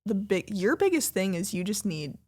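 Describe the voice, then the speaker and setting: A woman co-hosting a casual couples podcast, animated and quick to laugh, jumping up in pitch when she makes a point. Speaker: podcast co-host.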